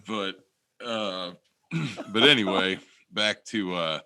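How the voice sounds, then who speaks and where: A man's voice: lowish voice, drawn-out words, sharp tone, a little hiss or hum. A man co-hosting a podcast in casual chat, rambling and swearing a lot, often restarting his sentences. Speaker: podcast co-host.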